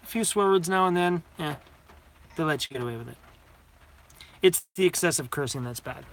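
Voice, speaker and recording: Bright, high-voiced man rambling. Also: fairly quick, slight background noise. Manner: rambling storyteller, laughs and swears freely. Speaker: vlogger hosting a live Q&A. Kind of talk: casual live-stream chat. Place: inside a van. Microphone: phone camera.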